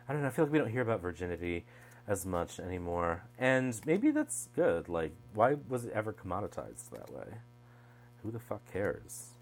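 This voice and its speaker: A low-voiced man talking casually over a card unboxing. His pitch swings widely as he tosses off wry asides and restarts sentences. A faint mains hum runs underneath. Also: sing-song, a little fast. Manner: chatty, wry asides, trails off mid-thought. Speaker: tarot deck reviewer.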